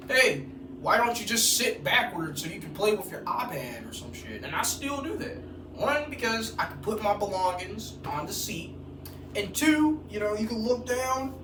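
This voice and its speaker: Profane, rambling male vlogger, mid-pitched, recorded off-mic with faint background hiss. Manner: profane, rambling, animated storytelling. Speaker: vlogger reviewing horror films. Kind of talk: casual movie-review rant. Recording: roomy, distant mic with faint noise.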